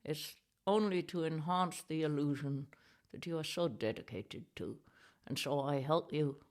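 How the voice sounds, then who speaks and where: A woman's voice: sits low, a little slow, a little mellow. A woman voicing a cheeky, crude male monkey puppet in ventriloquist banter, blunt, sweary and dryly mocking. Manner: dry and mocking.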